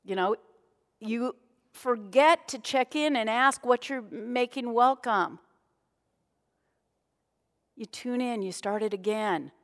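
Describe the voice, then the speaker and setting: A middle-aged woman pastor preaches in a church, telling stories in a chatty, self-deprecating way. Her fairly high voice carries a long hall reverb. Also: slow pace, pauses often. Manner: conversational, self-deprecating storytelling. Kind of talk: sermon.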